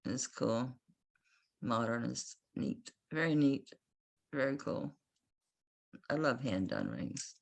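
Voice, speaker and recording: Southern woman, home jewelry seller; deep voice that swings around, chatty and self-mocking. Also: very animated, gravelly, rough recording. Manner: chatty, impatient, quick to laugh at herself. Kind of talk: casual selling vlog.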